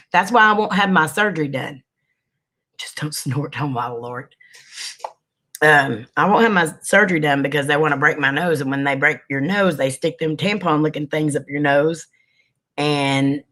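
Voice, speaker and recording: A man's voice: fairly high pitch, pushed and bright. Sniffly man hosting a livestream. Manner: chatty, greets viewers by name. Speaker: livestream host. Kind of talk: casual livestream chat.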